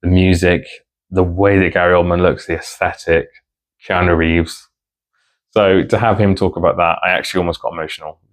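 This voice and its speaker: A man's voice: low voice, little pitch movement, a little fast. A man vlogging about books in a rambling, heartfelt casual chat to camera. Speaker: book vlogger.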